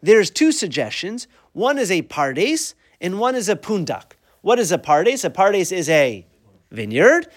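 A middle-aged man teaching a weekly Torah class in a conversational way, asking rhetorical questions and mixing in Hebrew and Yiddish terms. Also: sits high.

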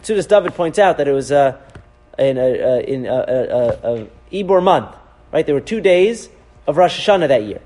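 A man teaching a Torah class as a rabbi, animated, asking rhetorical questions and weaving in Hebrew terms. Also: a little high, moderate pace. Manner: animated, asks rhetorical questions, frequent "right?".

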